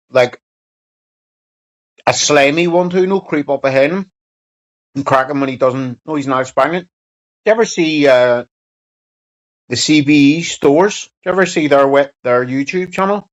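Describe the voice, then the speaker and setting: A man's voice: a little high, moderate pace, pauses often, dull audio. A man, chatting casually and rambling while live streaming, swearing and joking. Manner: profane, rambling, joking banter.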